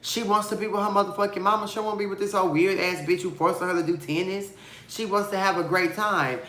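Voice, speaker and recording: Sassy, dramatic man in an echoey room. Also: fast talker. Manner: dramatic, sassy and expressive, with big swings of pitch and loudness; gossipy and blunt, with slang and profanity. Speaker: TV show reviewer. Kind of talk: casual vlog episode review.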